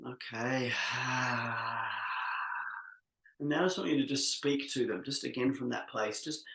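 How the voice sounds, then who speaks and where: A man facilitating an online workshop, leading a slow, soothing guided exercise with many pauses over a video call. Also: medium pitch, gravelly, a bit bright, roomy sound, slight background noise, low-quality recording.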